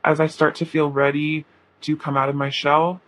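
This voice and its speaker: Halting, earnest man channeling a message. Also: on the high side, little pitch movement, a bit bright, no room sound, poor audio. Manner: halting and earnest, with many pauses and fillers. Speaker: tarot reader. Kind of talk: channeled tarot message in first person.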